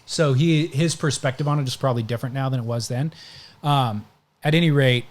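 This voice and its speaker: A man's voice: mid-range voice, fairly quick. A man hosting a podcast, casually recounting stories at length in conversation. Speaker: podcast host.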